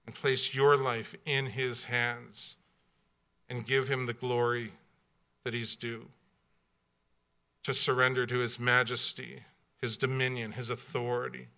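A man preaching a sermon, blunt and folksy, swinging from loud outbursts to hushed asides. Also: mid-range voice, level tone, a little slow, vocal fry, pauses often. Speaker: pastor.

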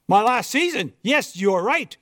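Man doing a proud old pearl diver: formal, earnest, high voice, dry sound. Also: very animated, moderate pace, a bit bright, no room sound. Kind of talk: storybook dialogue reading.

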